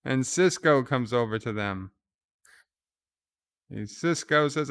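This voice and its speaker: A man's voice: mid-range voice, lively intonation, takes it slowly, a bit bright, clear, resonant tone. A man hosting a live reaction commentary, casually retelling scenes with fillers and restarts. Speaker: channel host recapping an episode.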